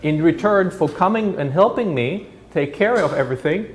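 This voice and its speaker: A man voicing a blunt, haggling elderly man who heads a small community, pitching his voice up. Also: animated, normal speed, a little hiss or hum, close to an everyday voice. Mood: gruff bargaining.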